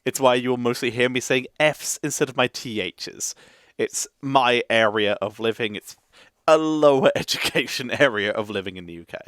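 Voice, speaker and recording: A man's voice: medium pitch, moderate pace, fairly bright tone, no echo, studio quality. A man with an Essex English accent chatting casually as co-host of a reaction video, dropping consonants and laughing easily. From England.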